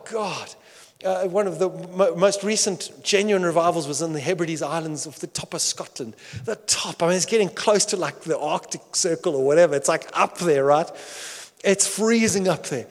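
A man preaching a sermon with passion, swinging between loud outcries and hushed asides. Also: high voice, in a large hall. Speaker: pastor.

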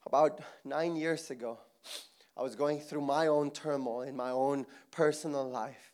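A middle-aged man from Mexico preaching a sermon, swinging between soft intimate moments and loud emphatic passages, his voice going hoarse. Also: mid-range voice, fairly even intonation, measured pace. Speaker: pastor.

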